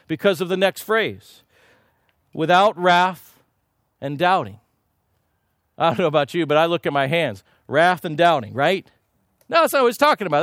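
High-voiced preacher man, dry sound. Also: no room sound. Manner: conversational, with rhetorical questions and asides. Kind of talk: sermon.

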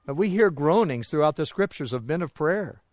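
Man preaching a sermon, kinda high voice, dry sound, gets loud then drops way down, keeps asking the crowd questions. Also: expressive, normal speed, no echo. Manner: emphatic rises and drops in pitch and volume; rhetorical questions to the congregation.

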